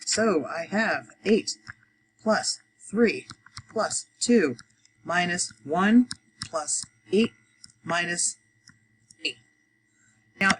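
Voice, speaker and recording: A woman's voice: on the low side, a little hiss or hum, poor audio. A woman teaching adult education math, talking through each step of a problem, counting aloud, with frequent fillers.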